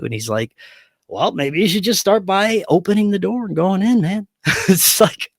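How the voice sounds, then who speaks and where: A podcast guest with a high voice tells a personal story at normal speed during a casual interview. He acts out the voices of the people in it and laughs often, captured in a dry, clean studio recording.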